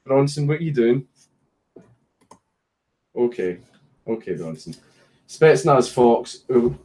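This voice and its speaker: A man's voice: mid-range voice, very animated, takes it slowly, long pauses, darkish tone, rough recording. A Scottish man casually chatting on a home live stream, reading viewer messages, swearing and joking while a puppy distracts him.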